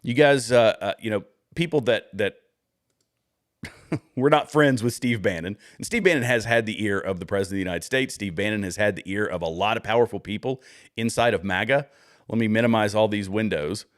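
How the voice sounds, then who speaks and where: A man with a lowish voice talks through a casual livestream, rambling and restarting as he hunts for clips. The sound is close and dry, with no room around it. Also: brisk, dry recording. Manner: rambling, thinks aloud with many fillers and restarts. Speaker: livestream political commentator. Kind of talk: casual livestream commentary while browsing posts.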